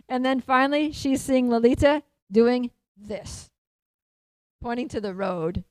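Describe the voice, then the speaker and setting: A woman speaker at a temple feast, telling a devotional story in an animated way, laughing often and using many fillers. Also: sits high, slow, no room sound, poor audio.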